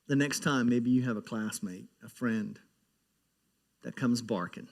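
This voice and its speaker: A man's voice: mid-range voice, unhurried, creaky, a little mellow. A man giving a sermon as pastor, talking in a conversational way, often repeating words and growing emphatic as he preaches.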